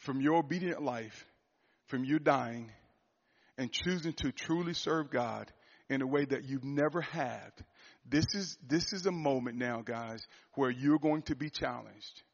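A man's voice: medium pitch, unhurried, vocal fry, dull audio. A middle-aged man preaching a sermon, emotional and laughing often as he tells stories.

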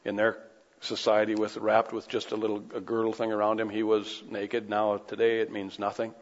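A man's voice: on the low side, monotone, moderate pace. Preacher man in a reverberant church hall. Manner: conversational asides between scripture readings. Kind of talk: sermon, reading and explaining scripture. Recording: dull lo-fi recording with long hall reverb.

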